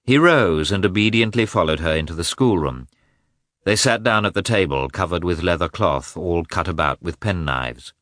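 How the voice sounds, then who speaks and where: Man, very deep voice, expressive, lively intonation, audiobook narration. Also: normal speed, no echo, studio quality. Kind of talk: scripted narration of a classic novel.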